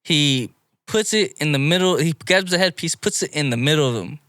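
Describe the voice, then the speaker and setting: A man co-hosting a casual podcast, recapping anime episodes in a rambling, animated play-by-play. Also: a little high, brisk, dry recording. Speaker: podcast co-host.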